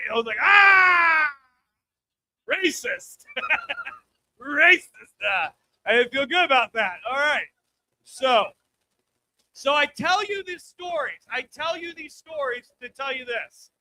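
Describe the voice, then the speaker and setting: Bright, high-voiced brash male comic. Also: rough recording. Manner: brash, crude punchlines, keeps checking in with "all right?". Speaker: stand-up comedian. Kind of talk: stand-up comedy set. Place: live comedy show stage.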